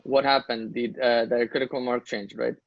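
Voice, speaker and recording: Man, grammar teacher, gravelly voice, patient step-by-step explanations, quizzing students, dry lo-fi recording. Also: mid-range voice, flat delivery, normal speed, no echo. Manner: explains step by step, checks understanding with questions. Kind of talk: live grammar lesson with student questions.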